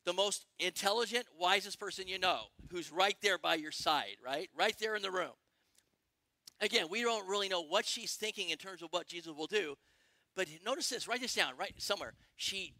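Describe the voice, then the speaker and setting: Excitable high-voiced male preacher. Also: no room sound. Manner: excitable, quick bursts, asks the congregation questions. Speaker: pastor. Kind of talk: sermon.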